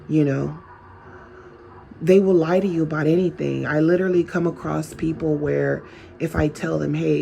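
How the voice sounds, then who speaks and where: A man's voice: a little high, creaky, mellow. A man talking straight to his viewers in a casual advice monologue, chatty and full of rhetorical questions. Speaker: vlogger.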